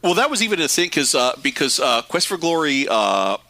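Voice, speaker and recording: A man co-hosting a podcast in casual chat, wry and quick, laughing between points. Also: a little high, big pitch swings, pushed and bright, dry recording. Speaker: podcast co-host.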